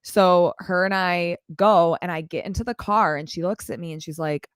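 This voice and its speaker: A young woman hosts a live stream and tells a long personal story in a loose, chatty way, with "like" in nearly every sentence and laughs slipping in. Her voice sits on the low side for a woman, and the sound is close and dry with no room echo. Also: moderate pace, clear, resonant tone. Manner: chatty, peppered with "like", laughs while telling. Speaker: host. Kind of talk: casual storytelling chat. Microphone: clip-on mic.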